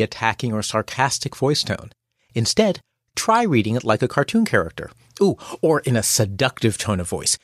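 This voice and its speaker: Man, host and coach, playful scripted delivery, very lively pitch. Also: no echo, clean studio sound. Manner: wry, playful, acts out quoted voices. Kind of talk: scripted podcast narration.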